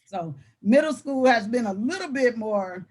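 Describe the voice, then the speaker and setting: A woman's voice: fairly high pitch, expressive, a little slow, a little mellow. A woman educator chatting as a guest, telling classroom stories in a colloquial way and laughing often. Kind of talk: casual conversation, storytelling.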